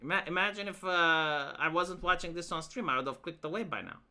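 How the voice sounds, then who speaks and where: A woman's voice: on the low side, a little fast, bright, forceful tone. A woman streamer giving casual reaction commentary, ranting and swearing as she talks to her chat. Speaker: live streamer reacting to videos.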